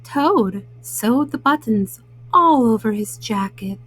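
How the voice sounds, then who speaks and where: A woman reading bedtime stories aloud to children in a gentle, soothing way. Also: on the high side, animated, slow, slightly rough, soft background music, rough recording. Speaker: children's storyteller.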